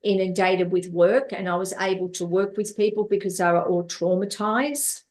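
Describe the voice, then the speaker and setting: In this interview, a life coach and therapist recounts episodes from her life, echoing her own words and performing the lines of people she quotes. Her mid-range voice has a darkish color, fairly even intonation, and a moderate pace.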